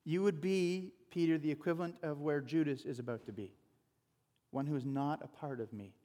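A man's voice: on the high side, brisk, dark tone, long reverb tail. A male pastor giving an informal, chatty sermon with conversational asides.

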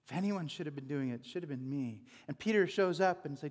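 A man's voice: on the high side, animated, fast, a little mellow, in a large hall. A male pastor giving an informal, chatty sermon with conversational asides.

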